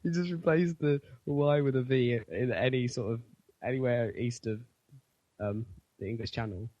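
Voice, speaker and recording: A man's voice: medium pitch, moderate pace, a little mellow, dry recording, dull audio. A man co-hosting a casual gaming podcast, rambling with fillers and laughing a lot. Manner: rambling, giggly, trails off with fillers. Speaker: podcast co-host. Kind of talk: casual chat.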